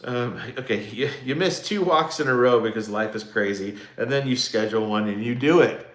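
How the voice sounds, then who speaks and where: This livestream host has a medium-pitched voice, talks fairly quickly, and sounds like he's in a roomy space. He chats loosely with his viewers, rambling and poking fun at himself as he responds to live comments.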